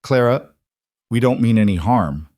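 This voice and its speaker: A man at medium pitch, pushed up but close to an everyday voice, performs a grieving widow at a measured, animated pace with a slightly mellow tone. Firm and hurt, the proud widow raises her voice, moving from pleading to defiance. Studio quality, no echo.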